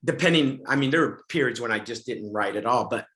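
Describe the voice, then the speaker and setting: A man's voice: medium pitch, expressive, fairly quick, a bit bright. A middle-aged man speaking at a summit, telling a frank personal story with self-mocking humor and frequent restarts. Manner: candid storytelling, laughs at himself, many restarts and fillers.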